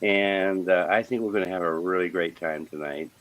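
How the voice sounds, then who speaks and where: A man from the United States introducing himself as a guest on a video call, easygoing and relaxed. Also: low-pitched, moderate pace. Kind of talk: casual self-introduction.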